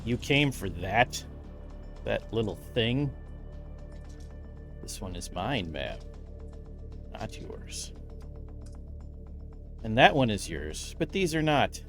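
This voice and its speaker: A demon goat lord claims his land in slow, cold, commanding words, as a man plays him in a tabletop game. The voice sits low and deliberate. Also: sing-song, a bit bright, faint music behind, exaggerated voice. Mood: menacing.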